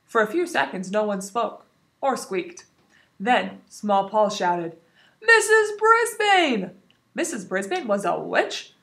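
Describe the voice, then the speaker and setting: A woman teacher reading a children's book aloud in an expressive, animated way. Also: medium pitch, unhurried, gravelly. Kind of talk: storybook read-aloud. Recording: roomy echo.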